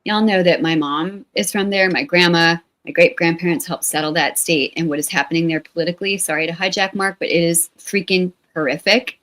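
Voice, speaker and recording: A middle-aged woman author talking in a lively, chatty way during an interview. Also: lowish voice, brisk, hardly any pauses. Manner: lively, talkative, self-deprecating. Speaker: author guest and co-founder. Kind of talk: conversational interview.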